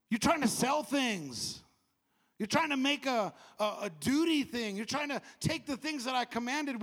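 A man doing an indignant Jesus with a Southern accent, scolding in an exasperated drawl. The voice sits very high and carries loudly, as if calling out a whole room of people. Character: indignant Jesus scolding temple merchants, male adult.

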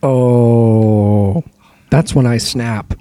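A young man telling animated stories in casual chat, swearing often and acting out other people in quotes. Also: mid-range voice, very slow.

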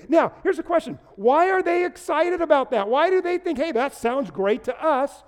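A man's voice: extremely high pitch, lively intonation, measured pace, long reverb tail. A man preaching a livestreamed sermon, speaking conversationally, asking his online audience to answer and adding playful asides. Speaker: pastor. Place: large room with no live audience.

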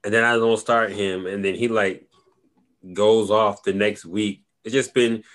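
Man, very low voice, laid-back rambling podcast chat, lots of fillers. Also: fairly even intonation, a little slow, fairly bright tone. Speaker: podcast co-host. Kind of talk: casual fantasy football chat.

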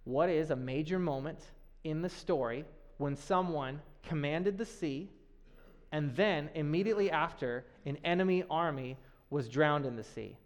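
A man preaching a sermon in a lively, conversational way, with playful asides to the listeners. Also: fairly high pitch, moderate pace.

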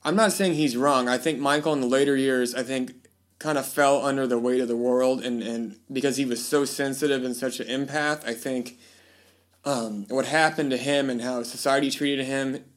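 A man's voice: mid-range voice, steady tone, moderate pace. A man hosting a podcast, chatting casually and rambling, with lots of fillers and restarts. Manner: puts on voices when quoting people. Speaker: podcast host. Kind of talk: casual chat.

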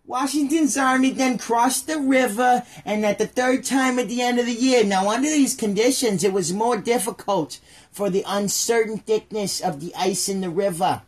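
A man with a fairly high, husky voice hosts a podcast, drifting through history with jokes and tangents. His delivery is loose and rambling, full of puns. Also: moderate pace. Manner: joking, rambling asides and puns. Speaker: podcast host. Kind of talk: casual comedic history chat.

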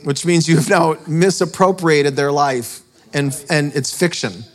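Guy preaching, kinda high voice, tells it casual and laughs at himself a lot. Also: measured pace. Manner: chatty, self-mocking, laughs often. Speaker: preacher and author. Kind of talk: storytelling sermon.

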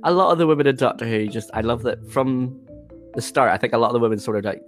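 A man's voice: medium pitch, fast talker, faint music behind. A man, a podcast guest, chatting playfully and theatrically. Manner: playful, theatrical, bursts into quoted voices. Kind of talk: casual chat.

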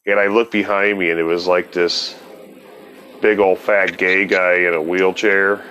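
A man's voice: low-pitched, level tone, measured pace, sharp tone, slight background noise. A man telling a long, rambling personal story in casual, profane talk, laughing now and then.

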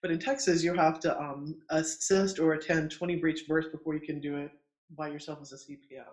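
A middle-aged man, a midwife, telling stories in casual conversation, animated and acting out the voices of the people in them with frequent laughs. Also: fairly high pitch, brisk. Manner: animated, acts out quoted voices, laughs often. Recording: roomy echo.

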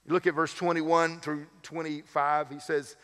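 A man's voice: fairly high pitch, level tone, normal speed, fairly bright tone, clean tone. A man serving as lead pastor, preaching a sermon in a conversational way with humorous asides. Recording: long hall reverb.

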